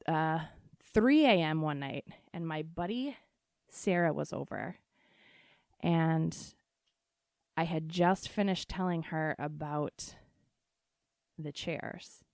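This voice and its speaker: A young adult woman hosting a podcast, telling a personal ghost story casually, with laughs, swearing and quick asides. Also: on the low side, a little mellow, dry recording, clean studio sound. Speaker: podcast host.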